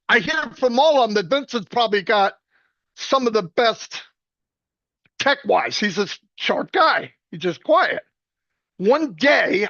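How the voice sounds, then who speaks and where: A man with a high voice tells loose, joking stories about his friends, stumbling and restarting as he goes. The sound is dry and a little dull, like a low-grade recording. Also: a bit bright, no echo. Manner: rambling, joking, quick restarts. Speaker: speaker at a celebration. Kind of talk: casual storytelling tribute.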